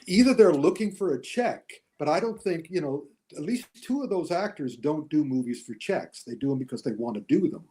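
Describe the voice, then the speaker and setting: Older guy breaking down movies, fairly high animated voice, measured and chuckly. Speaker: guest film critic. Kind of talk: casual chat.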